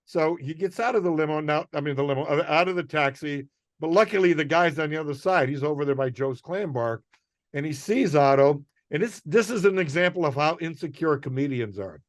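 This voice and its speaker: An older male comedian telling a rambling, animated anecdote on a podcast. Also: fairly high pitch, brisk, dry recording, clean studio sound. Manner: rambling, animated storytelling with restarts and acted quotes. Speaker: guest comedian.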